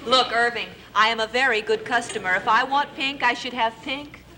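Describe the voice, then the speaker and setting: An actress playing a fussy, demanding colonial seamstress with insistent, dry comic replies in a 1960s TV sketch. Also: female voice, a little high, moderate pace, pushed and bright, slight background noise.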